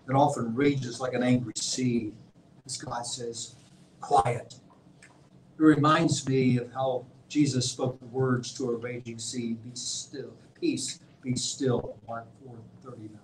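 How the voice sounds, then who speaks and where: A fairly high-voiced man preaching an emphatic sermon, rising to forceful cries and sinking to hushed lines. His voice rings around a roomy church. A faint hum of room ambience sits underneath. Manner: emphatic preaching with big swings in loudness. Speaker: visiting pastor. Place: church sanctuary.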